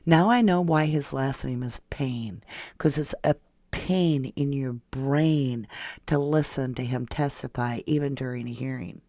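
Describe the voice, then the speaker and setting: True crime livestream host, chatty, sarcastic, reads viewer comments, middling pitch, dry close mic. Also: a little slow, warm tone, no room sound. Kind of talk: casual live-chat commentary.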